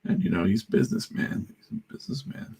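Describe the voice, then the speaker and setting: A man's voice: a little fast, dark tone. A middle-aged man, a comic artist, chatting in a rambling, irreverent way on a livestream while he works, swearing freely. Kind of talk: casual livestream chat.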